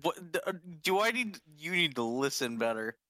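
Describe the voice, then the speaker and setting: Brash mocking man, bright voice. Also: a little high, sing-song, normal speed, no echo, clean studio sound. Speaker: friend in group chat. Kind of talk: casual chat.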